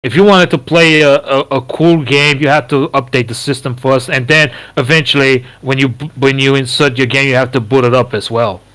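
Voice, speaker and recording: A man's voice: mid-range voice, steady tone, a little fast, hardly any pauses, fairly bright tone. A man in a voice call, chatting casually and repeating himself as he restarts his sentences. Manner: repetitive, restarts, reassuring. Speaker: voice chat guest. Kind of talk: casual chat. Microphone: computer headset over voice chat.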